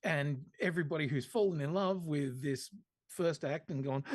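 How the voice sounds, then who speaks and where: A man's voice: on the high side, unhurried, no room sound. A man co-hosting a podcast in casual chat, talking bluntly and wryly with plenty of swearing. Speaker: podcast co-host.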